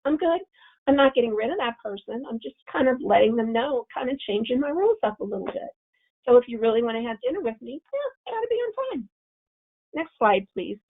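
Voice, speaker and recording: A woman presents a parenting webinar, acting out example conversations and circling back over her words. Her voice sits a little high with a gravelly edge. The audio comes through a narrow, phone-like line, as on a video call. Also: animated, quick pace. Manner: explains with example scripts, repeats and restarts phrases. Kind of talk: webinar talk.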